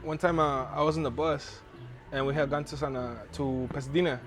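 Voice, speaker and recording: A man's voice: on the high side, fairly even intonation, a little fast, music in the background. A young man hosting a podcast, telling a rambling, profanity-laced story in casual chat and laughing as he goes. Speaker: podcast host.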